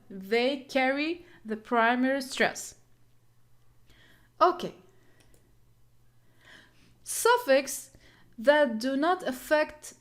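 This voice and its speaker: A woman teaches English at an unhurried pace. Her voice sits fairly high, and she repeats key points patiently, giving the terms playful nicknames. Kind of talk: explaining lesson material.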